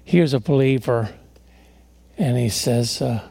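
A man's voice: medium pitch, measured pace, creaky, pauses often, mellow, slightly rough, no echo. A man preaching a sermon as a pastor, telling stories earnestly, often restarting and repeating words.

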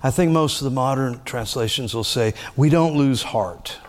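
A middle-aged man, a pastor, preaching a conversational sermon that swings between loud raised passages and hushed asides. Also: medium pitch, normal speed.

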